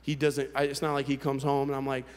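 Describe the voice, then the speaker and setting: A man preaching to an audience in a large hall, his voice trailing off into a long reverb. He sits mid-range in pitch and talks in a candid, conversational way, often restarting his sentences as he tells his own story. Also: monotone, quick pace. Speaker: pastor. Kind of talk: personal testimony sermon.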